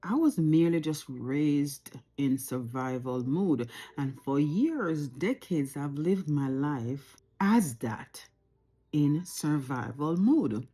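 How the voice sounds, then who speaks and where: A woman's voice: low-pitched, expressive, slow pace, warm tone, breathy edge. A Jamaican woman in her forties, talking reflectively and earnestly to camera at home, repeating phrases for emphasis. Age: 40s. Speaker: vlogger. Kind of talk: unscripted personal talk to camera.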